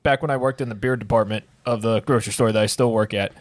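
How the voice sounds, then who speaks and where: A man's voice: lowish voice, fairly even intonation, quick pace. A man co-hosting a casual trivia podcast, telling stories with lots of restarts and laughter. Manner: rambling storyteller, many restarts. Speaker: podcast co-host. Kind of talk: casual chat.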